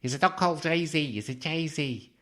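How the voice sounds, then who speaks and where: A man's voice: low-pitched, expressive, slow, a bit bright, exaggerated voice. A man playing a bumbling male TV psychic, speaking in a mocking, hesitant, rambling way. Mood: mock-mystical.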